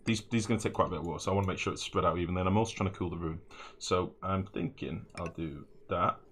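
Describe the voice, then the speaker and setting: A man's voice: low voice, quick pace, fairly bright tone, slight background noise. A man streaming a game live, rambling and swearing as he builds, often humming and mumbling to himself. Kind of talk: live gameplay commentary.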